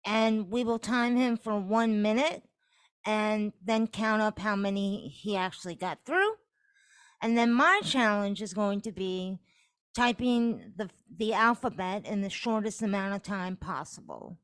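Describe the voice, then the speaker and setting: A woman's voice: medium pitch, unhurried, clean tone. A woman co-hosting a casual podcast chat, explaining things in an orderly, informative way. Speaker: podcast co-host.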